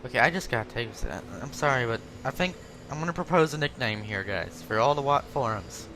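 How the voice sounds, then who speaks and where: Rambling gamer man over loud game audio. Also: medium pitch, a little fast, background noise. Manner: rambling, self-correcting, chatty. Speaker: gaming channel host. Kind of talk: casual gameplay commentary.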